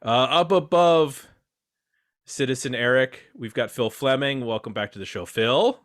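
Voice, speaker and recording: A man hosts a casual podcast roundtable in a mid-pitched voice. He is chatty and self-deprecating as he introduces his guests. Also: animated, moderate pace. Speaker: podcast host.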